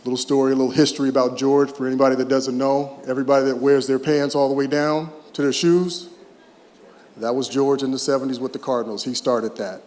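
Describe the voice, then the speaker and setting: Speaking fast in a mid-range, level and slightly mellow voice, a retired ballplayer near sixty stands at a podium telling funny, heartfelt stories and occasionally choking up. The sound is echoey, as in a large event hall, with faint ambience.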